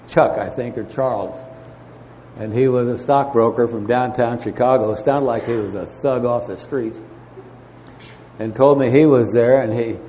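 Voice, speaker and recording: A man telling his recovery story at a meeting, halting, with many fillers and restarts. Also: medium pitch, mellow. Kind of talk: storytelling talk. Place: meeting hall. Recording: faint noise, long hall reverb.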